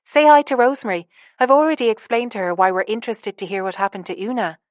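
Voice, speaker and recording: A woman narrator voicing an eager, excitable young woman in an audiobook. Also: on the high side, quick pace, dry recording, studio quality, close to an everyday voice.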